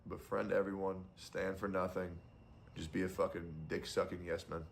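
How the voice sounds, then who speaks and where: A man's voice: sits low, level tone, moderate pace, creaky, a little hiss or hum. A young adult man streamer giving casual, blunt and profane commentary.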